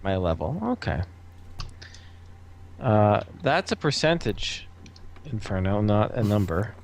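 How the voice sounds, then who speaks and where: A man's voice: on the low side, big pitch swings, takes it slowly, darkish tone. A man talking as a player in a tabletop game, upbeat and chatty. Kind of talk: casual tabletop game talk.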